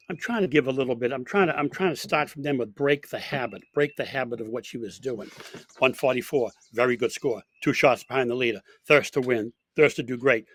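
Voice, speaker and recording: A man's voice: medium pitch, a little fast. A man who coaches college golf, telling an anecdote in an interview with many fillers and restarts. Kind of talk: storytelling in an interview.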